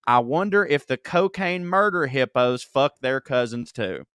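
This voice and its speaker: A man co-hosting a comedy podcast, reading listener emails aloud with animated storytelling and frequent laughter. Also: mid-range voice, measured pace, smooth, no room sound, clean studio sound. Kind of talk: casual comedic podcast banter.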